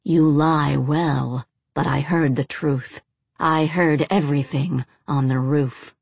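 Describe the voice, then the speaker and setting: A woman's voice: low-pitched, fairly even intonation, slow pace, vocal fry, a little mellow, husky, no echo, full character voice. Woman voicing a growling, trembling Norse warrior. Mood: menacing. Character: gruff menacing Norse warrior, male. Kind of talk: audiobook character voice.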